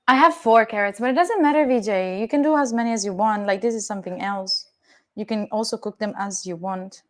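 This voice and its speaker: With an Italian accent, a young woman talks casually to her stream viewers while cooking at home, the kitchen door left open, and swears occasionally in a playful way. Her pitch is medium and her delivery fairly quick.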